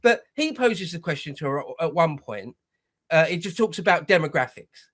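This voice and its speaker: A man's voice: on the high side, expressive, moderate pace, a bit bright. A man co-hosting reaction commentary, talking bluntly and scornfully with lots of swearing. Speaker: co-host.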